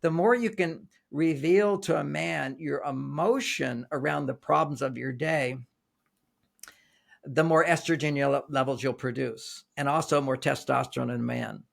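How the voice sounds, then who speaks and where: A man's voice: on the high side, measured pace, vocal fry. An older man, a relationship author, explaining his ideas in an interview with anecdotes, often repeating and restarting phrases.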